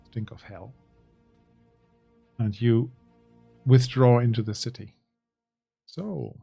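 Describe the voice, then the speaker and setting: A man narrating as game master in a tabletop role-playing game, describing scenes in an unhurried way. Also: mid-range voice, vocal fry, a little mellow, husky.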